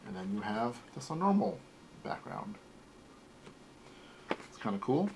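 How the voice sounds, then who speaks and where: A man in his forties hosting a casual toy unboxing, talking in a relaxed, rambling way. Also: on the low side, measured pace, gravelly, noisy background. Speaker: toy collector host.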